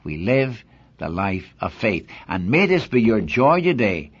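An older man delivering a Bible teaching sermon in a husky voice, his pitch rising and falling with lively emphasis. He preaches with earnest conviction, leaning on repeated key lines. The recording sounds dull and lo-fi, like an old broadcast. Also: unhurried.

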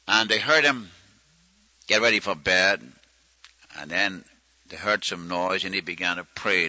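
A man's voice: sits low, measured pace, long pauses, sharp tone, no room sound. A man preaching a sermon in a folksy, storytelling manner, acting out quoted prayers. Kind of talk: sermon teaching. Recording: muffled lo-fi recording.

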